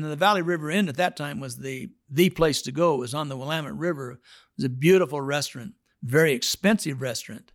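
A man's voice: a little high, quick pace, no room sound, studio quality. Pastor telling a story, a man's voice. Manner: animated storytelling, acting out the people he quotes. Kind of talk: storytelling sermon.

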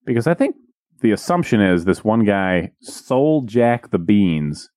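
A man casually retelling a fairy tale with jokes, rambling and slipping into quick character voices. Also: lowish voice, sing-song, a little mellow, no echo, clean studio sound. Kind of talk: casual comedic chat.

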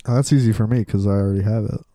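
A man's voice: on the low side, very fast, no room sound, clean studio sound. A man in a casual podcast chat, making wisecracks. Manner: wisecracking, lively.

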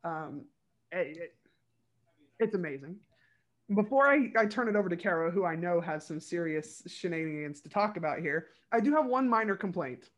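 A woman hosting a podcast in casual chat, expressive and laughing, often slipping into mock voices. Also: lowish voice, normal speed. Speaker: podcast host.

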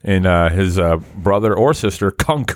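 Lowish goofy guy hosting a podcast, voice jumps all over, dry sound. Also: lively intonation, moderate pace, dry recording. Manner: goofy, absurd jokes with swooping delivery. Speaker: podcast host. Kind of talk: casual comedy podcast banter.

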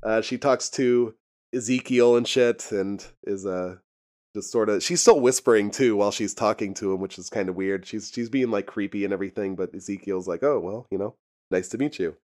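A man's voice: lowish voice, normal speed, a little mellow. A man casually recapping a TV episode, rambling and laughing often, with frequent profanity. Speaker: podcast host recapping a TV episode. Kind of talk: casual chat.

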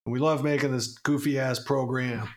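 A man's voice: medium pitch, steady tone, normal speed. A man co-hosting a podcast, chatting casually and reading aloud in a goofy, meandering way with plenty of swearing. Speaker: podcast co-host. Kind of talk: casual chat.

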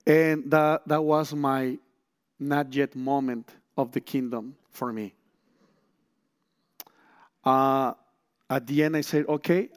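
A middle-aged man, a guest speaker telling a story in a sermon, acting out quotes and restarting phrases. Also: mid-range voice. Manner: animated storytelling, frequent restarts and acted-out quotes.

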